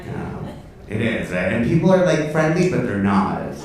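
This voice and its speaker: A man's voice: mid-range voice, sing-song, moderate pace, far from the mic. A man doing a stand-up set on a comedy club stage, brash, profane and camp, teasing the crowd. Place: comedy club stage before a live audience. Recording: echoey club, mic from afar, audience laughter.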